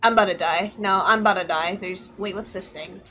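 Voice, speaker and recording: A young woman playing a video game with a friend, chatting casually, swearing and yelping at the game. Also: mid-range voice. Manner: loud swearing outbursts, quick laughs. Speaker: gaming YouTuber. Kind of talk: casual gaming commentary.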